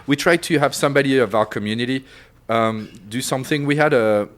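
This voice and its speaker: Guy w french accent chatting on a podcast, relaxed, keeps restarting sentences. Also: medium pitch, fairly quick. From France. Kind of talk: casual chat.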